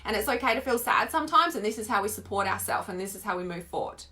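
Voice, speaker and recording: Bright-voiced Australian woman teaching. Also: medium pitch, fast. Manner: expressive, chatty, full of "like" fillers. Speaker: spiritual healing teacher. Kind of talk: casual live-streamed teaching talk.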